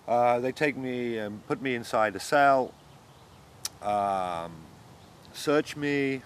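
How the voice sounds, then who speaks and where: Speaking slowly at a medium pitch, with a little hiss or hum in the recording, a non-native German speaker recounts his own arrest in an interview. He sounds earnest and shaken, becoming more agitated as the story unfolds.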